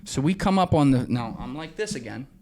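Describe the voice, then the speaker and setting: A young man spins a travel story as a podcast guest. He talks loosely and with a lot of animation, throws in curse words, and slips into the voices of the people he's quoting. His voice sits at an ordinary middle pitch. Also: fairly quick. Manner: animated, profane, acts out the people he quotes. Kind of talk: casual storytelling.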